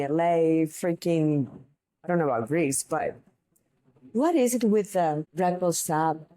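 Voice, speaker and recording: Low, mellow-voiced woman telling stories. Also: low-quality recording. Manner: rambling, chatty, laughs at her own stories. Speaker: podcast host and bartender. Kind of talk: casual storytelling monologue.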